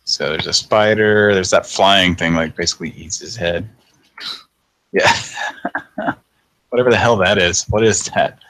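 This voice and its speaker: A man's voice: low-pitched, measured pace, long pauses, a bit bright, dry recording. A man in his thirties hosting a late-night live show, tired and yawning, chatting casually and chuckling as he thinks aloud. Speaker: podcast host.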